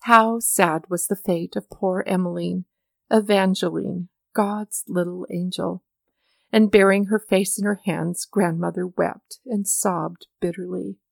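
A woman reading a story aloud as narrator, with measured, mournful storytelling. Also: lowish voice, steady tone, creaky, dry recording, clean studio sound. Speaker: audiobook narrator. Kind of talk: scripted narration.

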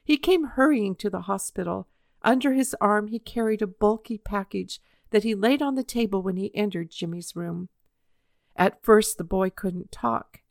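A woman reading a children's story aloud in a measured, expressive way. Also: mid-range voice, gravelly, no room sound, clean studio sound.

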